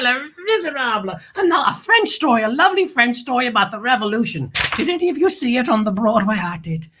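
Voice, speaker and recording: Flamboyant glam hostess for kids, high bright voice, swooping delivery, darling-dropping. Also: female voice, slightly rough, full character voice. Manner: flamboyant, calls everyone darling. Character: grand, gushing, glamorous lady show host. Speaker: host. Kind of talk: theatrical kids' show hosting.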